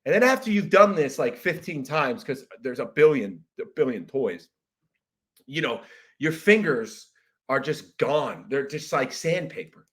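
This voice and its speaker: A young adult man hosting a comedy podcast, ranting in an exasperated, profane monologue and jumping into loud shouted impressions. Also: medium pitch, very animated, a little slow. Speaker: podcast host.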